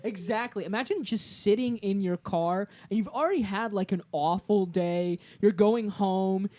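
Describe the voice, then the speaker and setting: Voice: mid-range voice, moderate pace, a little mellow. A speaker joking and laughing through a casual podcast chat.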